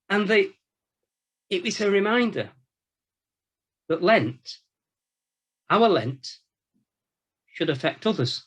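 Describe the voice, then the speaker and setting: A priest with a fairly high male voice gives a relaxed Lenten talk. He tells anecdotes in a conversational, colloquial manner and acts out the voices of the people in his stories. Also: slow pace, long pauses, slightly rough. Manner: storytelling, animated anecdotes with quoted voices; informal, colloquial phrasing. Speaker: Catholic priest, former prison chaplain.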